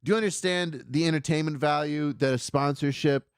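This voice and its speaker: A man's voice: on the high side, brisk, clear, resonant tone, no room sound, clean studio sound. A man telling a rambling, profane story in casual chat on a comedy call-in podcast.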